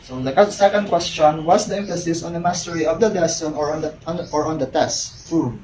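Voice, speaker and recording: A woman's voice: sits low, a little fast, darkish tone. Woman reading a field report. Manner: reads questions then answers them, with restarts and cut-off words. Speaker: education student. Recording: noisy recording with ambient noise and birds.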